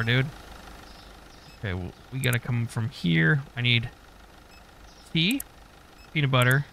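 A man's voice: mid-range voice, gravelly, sharp tone, slight background noise. A man giving casual, profane gameplay commentary, mock-scolding customers and staff as he plays. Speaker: gaming YouTuber.

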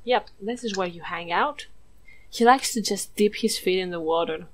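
Woman, let's play commentary, jokey, sweary, mock whispers, excited squeals, desk mic. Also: medium pitch, moderate pace. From Greece. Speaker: gameplay streamer.

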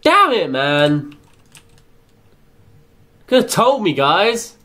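A young man doing excitable let's play commentary, chattering to himself and swearing often. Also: medium pitch, unhurried, pauses often. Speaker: gaming channel host.

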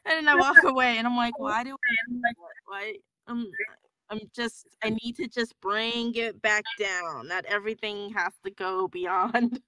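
Gushing, excitable woman with a high voice. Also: unhurried, no room sound. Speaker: guest voice actor. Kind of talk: casual podcast chat.

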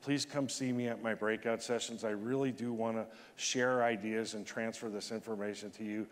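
A man in his sixties giving a motivational keynote speech to a conference, talking with emotion and pushing his voice high at the peaks. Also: fairly even intonation, normal speed. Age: 60s. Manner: emotional, emphatic, rising to high pitch at peaks. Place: large conference hall. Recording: long hall reverb.

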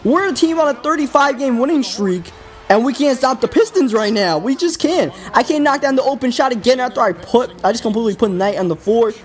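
A man's voice: very high voice, animated, a little fast, soft background music. A man hosting a gaming video, giving casual, rambling play-by-play commentary with an exasperated, self-critical tone.

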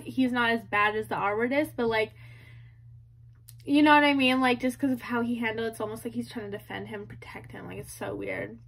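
A woman's voice: on the high side, fairly bright tone. A woman in her early twenties giving casual commentary, rambling and filling her talk with "like" and "you know", turning to ask the audience. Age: early 20s.

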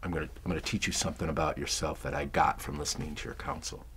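A man who teaches high school philosophy, talking in an earnest, musing way in a documentary interview, sometimes trailing off mid-thought. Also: big pitch swings, fast talker, vocal fry, a bit bright, breathy edge.

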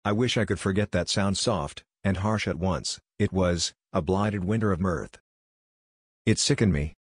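A man narrating a scripted horror story in a measured, solemn first-person telling. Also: deep voice, slightly rough, dry recording, studio quality.

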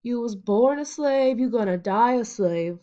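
A woman's voice: fairly high pitch, expressive, unhurried, mellow, lo-fi sound, pitched above the performer's own voice. A woman voicing a sneering teenage gang leader. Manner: sneering, taunting, mimicking. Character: swaggering teenage boy gang leader, mocking bully.

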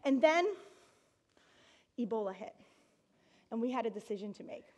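A woman telling a personal story to an audience, animated and laughing, with bursts of excited shouting. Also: fairly high pitch, moderate pace. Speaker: speaker giving a talk.

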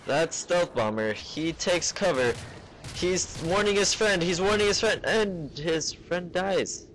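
A man's voice: lowish voice, gravelly, slight background noise. A man putting on a vague foreign accent as a mocking play-by-play commentator over gameplay. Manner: dry, mocking play-by-play narration. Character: male mock commentator in a made-up foreign accent.

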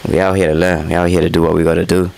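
A man's voice: low voice, little pitch movement, very fast, gravelly, darkish tone, a little hiss or hum, poor audio. A young man casually narrating over footage of his own boxing fight, candid and self-critical, swearing freely. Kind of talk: casual fight breakdown commentary.

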